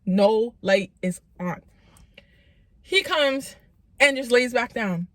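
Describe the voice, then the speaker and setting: Animated woman vlogger with a high voice. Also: slow pace, dry recording. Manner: animated, lots of "like", acts out quotes. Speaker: vlogger telling a story. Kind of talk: casual storytime.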